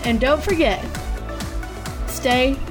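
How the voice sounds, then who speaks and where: A woman's voice: high-pitched, takes it slowly, over music. A woman hosting a podcast, talking casually in an earnest, rambling and encouraging way. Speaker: podcast host.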